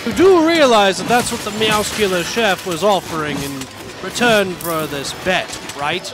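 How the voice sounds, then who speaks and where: A man voicing a formal, wry narrator who speaks slowly and deliberately. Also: high-pitched, lively intonation. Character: dry formal male game narrator. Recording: game music under voice.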